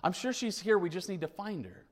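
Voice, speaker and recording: A preacher voicing a kind, gentle store clerk. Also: male voice, high-pitched, lively intonation, brisk. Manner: gentle, questioning. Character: calm, kind male store employee.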